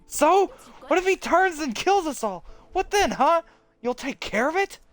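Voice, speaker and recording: A streamer voicing a shrill, demanding teenage schoolgirl in a game read aloud on a live stream. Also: very animated, unhurried, full character voice. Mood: alarmed. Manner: loud, shrill, accusing.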